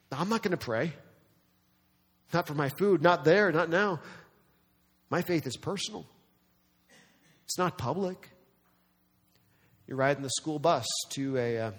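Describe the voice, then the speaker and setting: Preaching man, slightly high voice. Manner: emphatic, rhetorical questions, acts out quoted people. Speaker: pastor. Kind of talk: sermon. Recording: long hall reverb.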